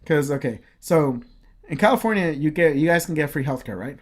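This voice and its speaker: A man's voice: on the high side, expressive, a little fast. A man co-hosting a casual podcast, telling a long story with many fillers, restarts and swear words. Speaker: podcast co-host.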